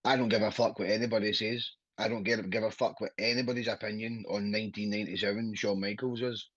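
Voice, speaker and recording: A Scottish man with a husky, low-pitched voice chats as a podcast guest, blunt, sweary and quick to laugh. The audio is dry and dull, with a lo-fi feel. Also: steady tone, fairly bright tone, no echo. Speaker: wrestler guest. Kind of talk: casual podcast chat.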